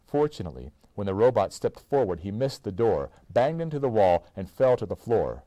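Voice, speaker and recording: Dad reading a kids book out loud, lowish voice that swoops up and down a lot, dry close sound. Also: male voice, a little fast, few pauses, no room sound. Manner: expressive, animated storytelling. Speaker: parent reading to his child. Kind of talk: reading a children's book aloud. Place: indoors.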